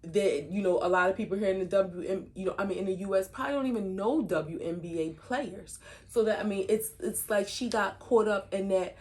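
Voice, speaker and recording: A woman co-hosting a podcast, talking in a measured, reasoned way in casual chat. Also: mid-range voice, a little mellow. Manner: measured, reasoned, hedges with "I think" and "you know". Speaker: podcast co-host.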